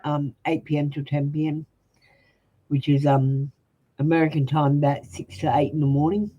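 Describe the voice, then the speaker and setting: A woman's voice: deep voice, level tone, moderate pace, warm tone, highs cut off. An Australian woman reading tarot cards on a live stream, chatting bluntly and casually with viewers in a practiced announcer-style delivery. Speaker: tarot reader.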